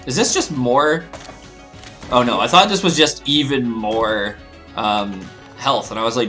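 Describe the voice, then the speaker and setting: A man's voice: medium pitch, measured pace, bright, forceful tone, faint music behind. A young Canadian man rambling casually while playing a video game, breaking into goofy exclamations. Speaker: gaming video host. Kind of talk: casual let's-play commentary.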